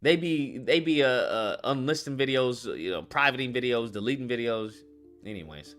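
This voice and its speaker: On a livestream with faint music behind him, a man with a medium-pitched, fairly bright voice and lively intonation speaks at normal speed. His unscripted gaming rant is profane, heated, and repetitive, broken up by chat comments he reads out.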